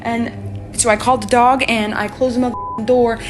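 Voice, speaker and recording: A woman's voice: fairly high pitch, little pitch movement, unhurried. A young mother talking in a scared, shaky way while soothing her child at home. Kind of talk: frightened home video talk. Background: background music.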